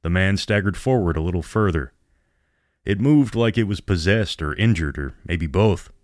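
A man narrating a horror story in a measured storytelling manner. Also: low voice, lively intonation, no room sound, clean studio sound.

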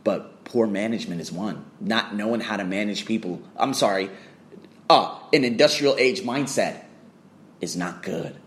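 A man's voice: on the low side, normal speed. A man ranting bluntly to camera about business, swearing often and firing off rhetorical questions. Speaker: fitness trainer.

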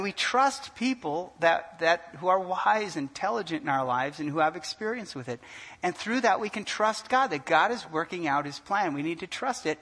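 Man, pastor, lively sermon, high ringing voice, echoing church hall. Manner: animated preaching with audience questions and humor. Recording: long hall reverb.

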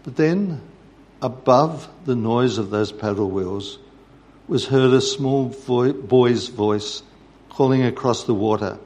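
Slow, measured preacher. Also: male voice, mid-range voice, a little mellow. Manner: measured storytelling. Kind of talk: sermon.

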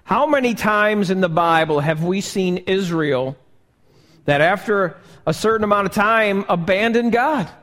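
Slow, high-voiced preaching pastor in church. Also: male voice, lively intonation, fairly bright tone. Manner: slow, emphatic preaching with rhetorical questions to the congregation. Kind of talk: live sermon. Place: church sanctuary. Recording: live church recording with long reverb.

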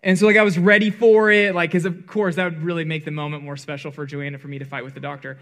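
A man's voice: little pitch movement, fast talker, a bit bright. Rambling, joking male worship leader. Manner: rambling, self-deprecating and humorous, many "like" fillers and restarts; acts out quoted lines with big pitch jumps. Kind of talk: storytelling before a song in a church service.

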